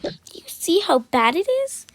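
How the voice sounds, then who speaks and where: A girl voicing a weary hushed mom in a toy game. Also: very high-pitched, moderate pace, heavily acted. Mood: stern. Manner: soft, half-whispered, calm scolding. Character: weary stern mother of several kids. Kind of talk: toy-game role-play voice-over. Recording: noisy home recording.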